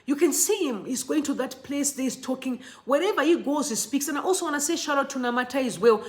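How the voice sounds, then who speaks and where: Woman host with a higher, very animated voice, delivering emphatic, repetitive political commentary to her viewers. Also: fairly quick. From Zimbabwe. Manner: emphatic and impassioned, repeats phrases and talks directly to her viewers. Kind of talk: impassioned commentary to camera.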